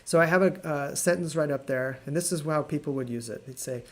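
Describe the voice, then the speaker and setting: A man teaching an English lesson on a live video stream, explaining patiently and repeating words slowly. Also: a little high. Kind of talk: live online language lesson.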